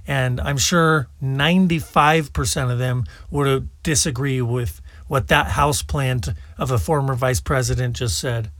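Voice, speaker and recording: A man's voice: medium pitch, a bit bright, no echo. A man hosting a political commentary show, talking casually and scornfully between played clips. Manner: scornful, mocking.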